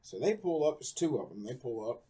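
A man's voice: medium pitch, big pitch swings, fairly quick, mellow, slightly rough. A man candidly telling his personal story in a conversation, rambling with lots of fillers. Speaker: guest.

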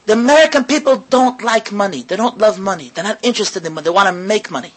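A man giving a sermon to an audience as a rabbi, animated and full of rhetorical questions, repeating his words and mixing in Hebrew and Yiddish terms. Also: high-pitched, fast, slightly rough, poor audio.

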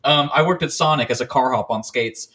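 A man's voice: medium pitch, fairly quick, bright, forceful tone. A man in casual podcast chat, telling a long story in a rambling, profane way, full of restarts.

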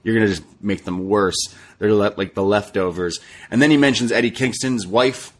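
A man's voice: lowish voice, moderate pace. Jokey man recapping wrestling. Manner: loose, jokey, swears freely. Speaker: podcast co-host. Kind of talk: casual wrestling recap chat.

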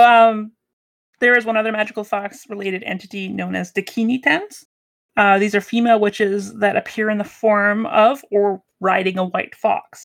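A woman from Canada co-hosting a casual podcast. She chats easily with her friends, then moves into presenting her research in a relaxed way, with the odd swear word thrown in. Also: medium pitch, no echo, studio quality. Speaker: podcast co-host.

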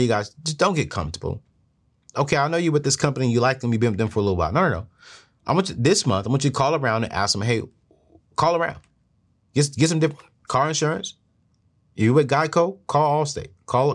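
A middle-aged man talks straight to his listeners with earnest, preachy urgency. His voice sits at an ordinary middle pitch and climbs higher when he hammers a point home. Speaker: show host giving money advice. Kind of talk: motivational talk to camera.

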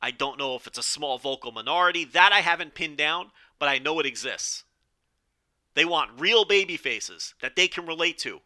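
A man hosting a solo podcast, giving opinionated commentary in a rambling style with restarts and "okay?" asides, his voice strained and going hoarse. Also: a little high, expressive, normal speed, sharp tone. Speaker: podcast host.

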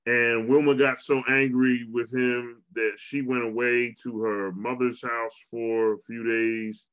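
A man co-hosting a podcast conversation, retelling a cartoon episode in a lively storytelling way and closing with an earnest message to listeners. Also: medium pitch. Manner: animated storyteller, preachy wrap-up. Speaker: podcast co-host. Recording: dull lo-fi sound.

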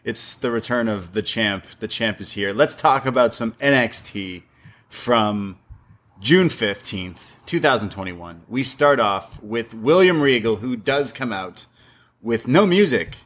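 A man's voice: medium pitch, lively intonation, unhurried, fairly bright tone. A man casually recapping a wrestling show as podcast co-host, rambling and acting out the quotes. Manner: rambling, quotes people in their own voice.

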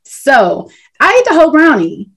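Casual podcast host, woman, slightly high voice, expressive storyteller. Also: moderate pace. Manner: animated storyteller, laughs often. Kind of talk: casual chat.

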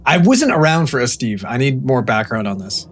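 Male co-host, wisecracking, animated pitch, faint hiss behind. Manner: quick, joking interjections. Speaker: podcast co-host. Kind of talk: casual call-in chat.

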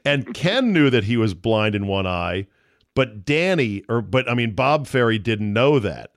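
A man's voice: mid-range voice, lively intonation, measured pace, no room sound, studio quality. A middle-aged man hosting a casual sports talk podcast, blunt and wisecracking, swearing freely as he chats with his guest. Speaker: podcast host.

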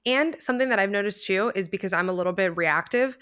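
A woman's voice: mid-range voice, fast talker, fairly bright tone. Blunt, casual woman podcast co-host. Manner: blunt, casual, swears freely. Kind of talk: casual chat.

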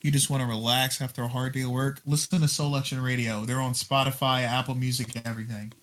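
A man's voice: medium pitch, little pitch movement, quick pace, fairly bright tone. Guy on a music podcast, loose slangy chat, lots of "like" and cussing. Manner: loose, slangy, full of fillers and cursing. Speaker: podcast co-host. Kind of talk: casual chat.

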